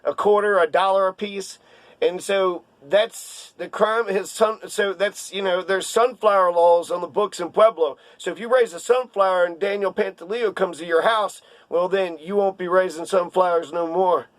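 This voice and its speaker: A man's voice: high voice, fairly even intonation, normal speed, no room sound. A man ranting in casual political commentary, heated and sarcastic, on a close dry mic.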